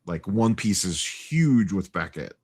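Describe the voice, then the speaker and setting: A man's voice: low voice, big pitch swings, a little slow, a little mellow, husky. A man on a casual livestream panel, laying out market reasoning in an analytical way. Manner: analytical, lays out market numbers.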